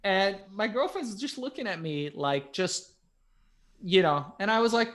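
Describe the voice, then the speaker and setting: A middle-aged man co-hosting a podcast, telling stories with a very lively, swooping pitch. His voice drops to a hush and then climbs to loud bursts, in easy casual chat. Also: measured pace. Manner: animated, swings from hushed to loud. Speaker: podcast co-host.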